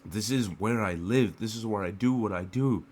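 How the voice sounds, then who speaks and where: A man's voice: fairly low pitch, moderate pace, a little mellow. A man from the United States giving an emotional political rant to the camera, full of rhetorical questions and repeated phrases.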